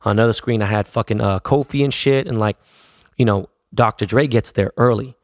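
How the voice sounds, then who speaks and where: Gravelly low-voiced man spinning a story. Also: brisk, no echo, studio quality. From Los Angeles. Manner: loose, profane, street slang. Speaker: DJ telling his story. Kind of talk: casual storytelling.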